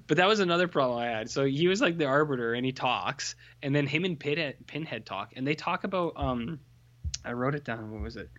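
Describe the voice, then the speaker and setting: A man's voice: mid-range voice, lively intonation, fairly quick, a bit bright, highs cut off. A man co-hosting a podcast in casual chat, rambling and sardonic, full of fillers and restarts. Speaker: podcast co-host.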